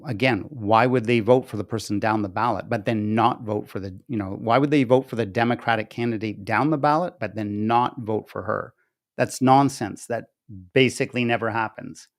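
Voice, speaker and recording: A man's voice: on the low side, moderate pace. A man commenting on charts he shows on screen, rambling and restarting, then turning emphatic and incredulous. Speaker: political commentary host. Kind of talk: casual screen-share commentary.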